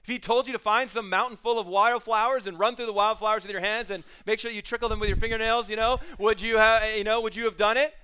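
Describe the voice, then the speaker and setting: A man's voice: sits high, fairly even intonation, fast, few pauses, pushed and bright, a little hiss or hum. A middle-aged man preaching a casual sermon, retelling the story with jokes and acted-out bits of dialogue. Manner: casual, joking storyteller who acts out scenes. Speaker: pastor.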